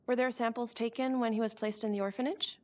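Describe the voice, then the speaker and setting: An actress playing a composed female district attorney who asks calm, formal questions. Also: a little high, fast talker, close to an everyday voice. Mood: probing.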